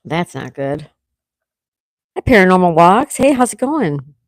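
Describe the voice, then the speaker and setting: A woman hosting a casual live chat, greeting viewers by name and gently scolding her dog, with a sore throat coming on. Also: lowish voice, very animated, unhurried, dry recording, studio quality. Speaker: livestream host.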